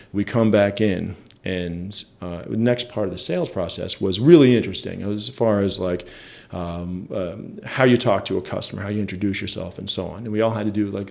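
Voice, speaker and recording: A man's voice: on the low side, gravelly, a little mellow. A man telling a story in a casual interview, chatty and self-deprecating. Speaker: interview guest.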